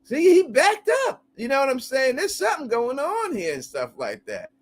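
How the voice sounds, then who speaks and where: Excitable high-voiced male host. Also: moderate pace. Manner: animated, laughs often, crude slang. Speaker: live-stream host. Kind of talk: casual call-in chat.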